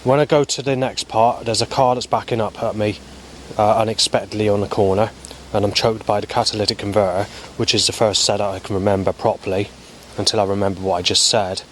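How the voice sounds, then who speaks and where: Man, lowish voice, halting and flat, recounting his day over faint street noise. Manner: halting, many ums and restarts, flat recounting. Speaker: vlogger. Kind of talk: rambling spoken log of daily events.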